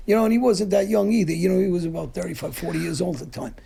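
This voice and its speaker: A man's voice: high-pitched, very fast, hardly any pauses, mellow. A man casually telling jail stories on a podcast, with tough street talk. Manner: gravelly, raspy, tough street talk with cursing. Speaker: podcast host. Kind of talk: casual storytelling chat.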